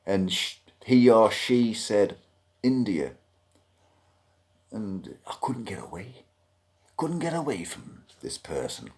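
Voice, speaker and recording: A man's voice: lowish voice, sing-song, takes it slowly, long pauses, a little mellow. A man with a British accent ranting bluntly to camera, griping and swearing freely. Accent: British English. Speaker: vlogger. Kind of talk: ranting monologue.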